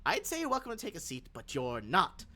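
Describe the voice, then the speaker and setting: A man voicing an elderly alien woman who is disdainful and sharp-tongued, in live tabletop role-play. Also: high-pitched, wildly swooping pitch, fairly quick, voice pushed up, exaggerated voice. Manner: crisp and clipped, dry scorn.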